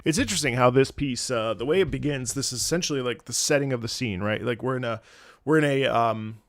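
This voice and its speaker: A man's voice: mid-range voice, quick pace, fairly bright tone. A man live-streaming his reactions to game music, reflective and rambling, his voice tired from travel. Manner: rambling, reflective, many restarts. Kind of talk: casual live-stream commentary.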